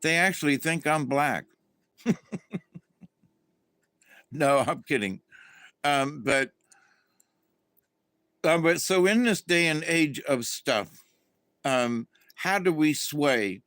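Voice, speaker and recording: Middle-aged male host, raised in Florida, unhurried and rambling, fairly high voice, dry close sound. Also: lively intonation, a bit bright, no echo. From Florida, USA. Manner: meandering, with many fillers and restarts. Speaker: channel host. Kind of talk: casual rambling monologue.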